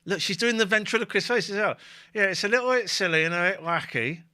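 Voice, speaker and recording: Give me an excitable, joking man hosting a livestream. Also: sits high, brisk. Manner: excitable, jokey and sweary. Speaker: livestream host. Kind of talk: casual live commentary. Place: home living room.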